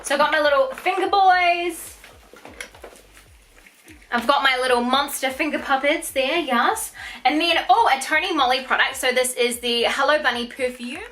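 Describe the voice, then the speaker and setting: A young woman, gushing excitedly as she unboxes products for her vlog. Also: high-pitched, normal speed. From New Zealand. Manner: gushing, excitable, swears casually. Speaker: beauty vlogger.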